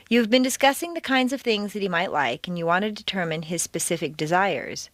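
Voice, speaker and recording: Woman with lively, sweeping intonation. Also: fairly low pitch, dry recording. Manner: clear, deliberate teaching delivery with exaggerated stress in examples. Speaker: accent coach. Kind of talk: scripted audio lesson.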